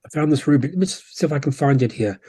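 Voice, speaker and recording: A man, a homeopath guest on a podcast, telling stories in a relaxed, anecdotal way and acting out quotes. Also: fairly high pitch, racing. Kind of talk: conversational storytelling.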